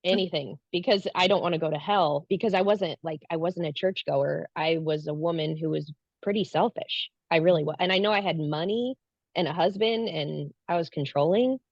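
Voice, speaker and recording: Low-voiced woman guest, earnest storyteller, dull lo-fi dry recording. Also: moderate pace, no room sound. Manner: earnest, acts out her own past lines. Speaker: guest recounting a spiritual experience. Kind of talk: casual personal storytelling.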